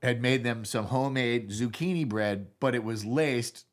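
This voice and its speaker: A middle-aged man telling road stories in a casual interview, rambling and animated, with lots of filler and swearing. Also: medium pitch, normal speed. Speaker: guitar tech, guest telling stories.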